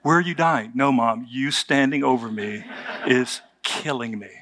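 A man's voice: mid-range voice, a little slow, a bit bright, close to an everyday voice. An embarrassed young athlete pleads in a whiny voice for his mother to go back to the stands, as a preacher plays him. The delivery is mock-dramatic, as in a sermon anecdote. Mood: pleading. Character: embarrassed young man hurt on the field.

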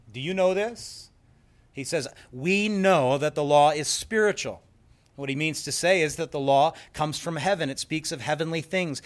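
A man preaching a sermon in an earnest, emphatic way, explaining scripture and telling stories. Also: fairly high pitch. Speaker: pastor.

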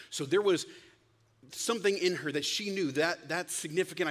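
A male pastor giving a casual, conversational sermon, lively and acting out the lines he quotes. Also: a little high, fairly quick. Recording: long hall reverb.

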